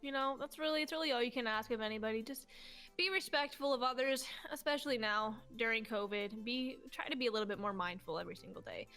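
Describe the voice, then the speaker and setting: A young woman guest on a podcast, talking in a loose, bubbly way with a bright, forceful tone. Her voice is a little higher than most, and she drops in the odd swear word. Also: quick pace, clear, resonant tone, soft background music. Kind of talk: casual chat.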